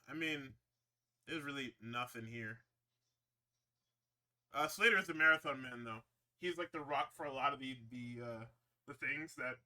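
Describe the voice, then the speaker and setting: Bright-voiced man recapping wrestling. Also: a little high, clean tone. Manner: rambling and profane, with frequent laughs. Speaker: podcast host.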